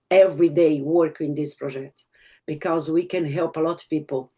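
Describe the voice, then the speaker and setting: Brazilian woman gushing about her business on a video call, kinda low voice, broken english. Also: fairly even intonation, normal speed, warm tone, slightly rough. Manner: enthusiastic, emotional, non-native grammar. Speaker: network marketer giving a testimonial. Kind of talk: online group call testimonial.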